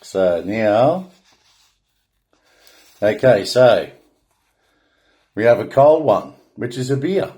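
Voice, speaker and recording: A man's voice: medium pitch, expressive, takes it slowly, long pauses, dark tone. An Australian man ranting bluntly through a rambling monologue, swearing often and restarting his sentences. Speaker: vlogger.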